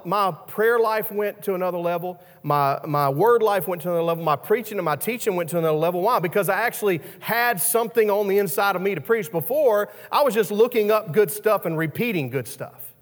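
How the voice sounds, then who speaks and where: Brief: male preacher with a high voice, conversational sermon, stumbles and repeats, long hall echo. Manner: repeats words as he restarts, asks the listeners questions.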